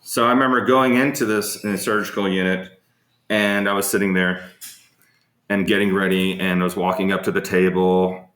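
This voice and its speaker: A man's voice: low-pitched, fairly bright tone. A man hosting a casual live Q&A, telling rambling stories full of fillers and answering viewers' questions. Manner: rambling, anecdotal, frequent fillers. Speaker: host of a live Q&A. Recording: echoey room.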